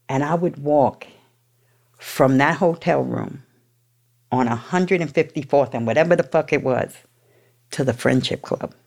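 Her voice is very deep with a darkish tone. This New York woman gives an audience a candid account of her recovery, blunt, emotional and full of profanity.

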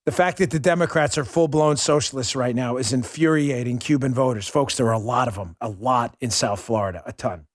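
A man's voice: medium pitch, brisk, hardly any pauses, no room sound, clean studio sound. A man hosting a political commentary show, ranting in a heated, sarcastic way. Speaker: podcast host.

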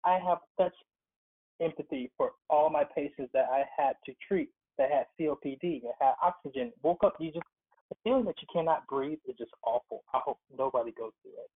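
A husky, fairly high-pitched man talks briskly as a phone-in guest. He's an occupational therapist, recounting his story with earnest emphasis in a casual interview on a tinny line.

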